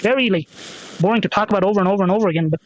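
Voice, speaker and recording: A man's voice: high-pitched, rapid-fire, rough recording. A man hosting a solo podcast, rambling and swearing, with lots of fillers and restarts as he repeats himself. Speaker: podcast host.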